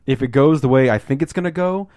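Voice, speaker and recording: A man hosting a casual podcast, talking about a film, rambling and swearing and acting out scenes in quick put-on voices. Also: medium pitch, darkish tone, no echo, clean studio sound. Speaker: podcast host.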